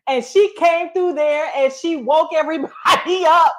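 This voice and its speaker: A middle-aged woman telling stories in a casual chat, animated, often laughing and acting out quotes. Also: sits high, normal speed. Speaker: guest storyteller.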